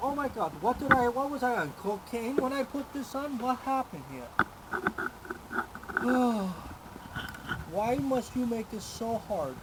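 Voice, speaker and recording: A man's voice: very high-pitched, lively intonation, a little slow, long pauses, very noisy. A man chatting casually while working on his car in a garage, full of crude, profane jokes and banter.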